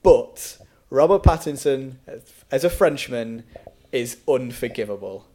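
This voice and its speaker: Mellow-voiced opinionated man. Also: medium pitch, lively intonation, measured pace. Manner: opinionated, history-minded, repeats words when restarting. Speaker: podcast co-host reviewing a film. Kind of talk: casual film review chat.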